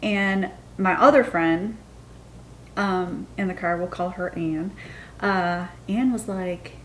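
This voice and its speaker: A woman's voice: medium pitch, takes it slowly, slight background noise. A woman in her thirties from the United States, telling a story in a casual, chatty way and acting out the quotes. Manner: chatty, animated, acts out the quotes. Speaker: storytime vlogger.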